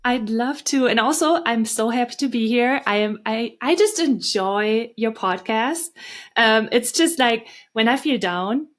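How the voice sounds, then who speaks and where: A woman's voice: fairly high pitch, expressive, a little slow. A woman with a German accent, a guest author earnestly telling stories in an interview. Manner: earnest, storytelling, some restarts. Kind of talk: interview answers.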